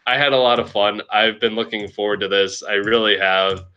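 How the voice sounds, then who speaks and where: Young male league host, bright tone, casual rambling fantasy recap. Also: on the low side, fairly even intonation, brisk, clear, resonant tone, highs cut off. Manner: loose, joking, rambling with restarts.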